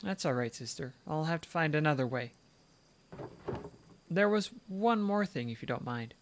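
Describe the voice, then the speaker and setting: A man's voice: fairly high pitch, expressive, moderate pace, natural voice. A polite young woman painter asks her questions earnestly, as a man reads her lines. The voice stays close to an everyday speaking voice. A faint hiss runs underneath. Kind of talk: reading game dialogue aloud.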